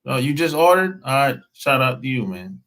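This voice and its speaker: A man talking casually as a dating coach, slow and drawling, often breaking into laughter. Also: medium pitch, sing-song, a bit bright. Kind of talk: casual live-stream talk.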